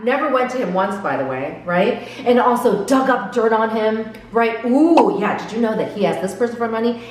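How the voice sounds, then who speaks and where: A woman's voice: mid-range voice, distant mic, slight background noise. A woman giving earnest, reflective commentary on a drama episode, often asking her viewers direct questions. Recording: echoey room, voice off-mic, faint background.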